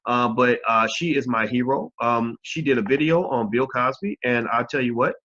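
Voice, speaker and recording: A man's voice: medium pitch, moderate pace, pushed and bright. A man hosting his own live video channel, chatting casually and frankly with viewers and swearing freely. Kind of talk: casual livestream chat. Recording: dull lo-fi livestream audio.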